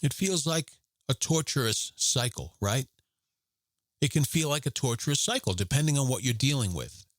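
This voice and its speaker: A former Marine hosts a Catholic podcast, telling a personal story and driving his point home by repeating it. His voice sits at an ordinary middle pitch. The close-miked recording is dry, with no room echo. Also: animated, moderate pace. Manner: earnest, repetitive, preacherly emphasis.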